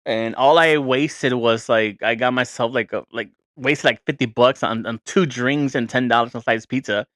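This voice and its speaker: A man's voice: medium pitch, normal speed, a bit bright, no echo, clean studio sound. A man in his thirties hosting a podcast, telling a story in a casual, profane, rambling and exasperated way. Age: 30s. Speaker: podcast host.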